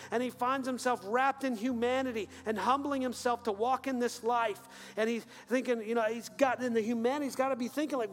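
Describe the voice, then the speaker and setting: A man preaching an earnest sermon as pastor, then leading a quiet prayer. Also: very high-pitched, steady tone, a little fast, few pauses. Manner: earnest, building to fervent then hushed prayer. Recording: long hall reverb with faint music.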